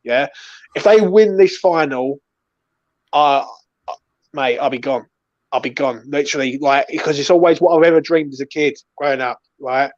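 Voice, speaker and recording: Brief: London man, fan show host, fervent and sweary, higher voice, dull dry lo-fi sound. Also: normal speed, no echo. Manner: passionate, swears freely, says "yeah" and "right" constantly. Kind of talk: casual post-match chat.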